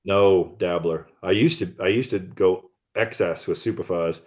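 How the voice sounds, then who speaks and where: A musician guest with a low voice talks in a loose, joking way and laughs often. He is a middle-aged man telling casual stories about his life in the band. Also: unhurried, darkish tone. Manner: jokey, laughs often, teasing. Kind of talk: casual interview chat.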